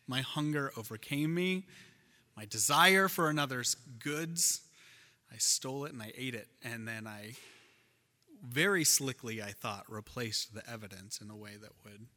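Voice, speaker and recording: A man delivers a sermon in a church, his bright, forward voice rising and dropping as he tells a story. The sound carries a long, echoing reverb from the hall. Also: medium pitch, unhurried. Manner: animated storyteller, shifts loud and soft. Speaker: pastor.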